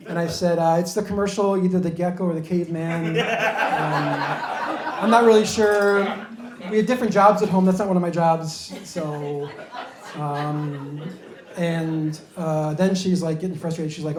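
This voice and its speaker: High-voiced man doing self-deprecating stand-up. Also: moderate pace, a little mellow, echoey room. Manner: self-deprecating, bumbling storyteller. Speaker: stand-up comedian. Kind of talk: stand-up comedy set.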